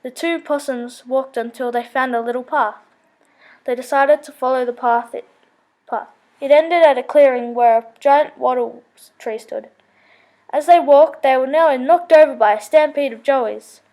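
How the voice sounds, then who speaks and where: High-voiced woman reading a children's story. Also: moderate pace, mellow. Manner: plain read-aloud with small slips and self-corrections.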